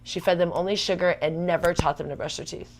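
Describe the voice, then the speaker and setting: A woman venting fast and emphatically in a casual livestream chat. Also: fairly low pitch, fairly even intonation, noisy background. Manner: ranting, worked up, fast and emphatic. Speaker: livestream vlogger.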